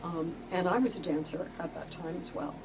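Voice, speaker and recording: Older woman guest, late 60s, lowish voice, chatty anecdotes, mic at a distance with clear background noise. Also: moderate pace. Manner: chatty, animated, acts out quoted voices. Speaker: interview guest, former visual merchandiser. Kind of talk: casual storytelling chat.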